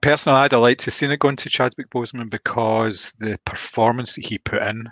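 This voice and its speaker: A man co-hosting a casual film discussion, talking in a measured way and thinking aloud with small restarts. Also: medium pitch, steady tone, fairly bright tone, no echo. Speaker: film podcast co-host.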